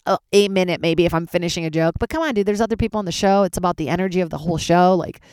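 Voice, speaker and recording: A woman stand-up comedian hosting her own podcast, rambling and swearing in casual chat, jumping into sudden high excited voices. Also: gravelly, no echo, studio quality.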